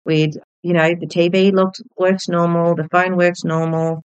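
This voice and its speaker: A woman in her thirties hosting a podcast, telling a personal story in a reflective, gentle, candid way. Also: on the low side, level tone, unhurried, clean tone, dry recording, muffled recording. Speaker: podcast host.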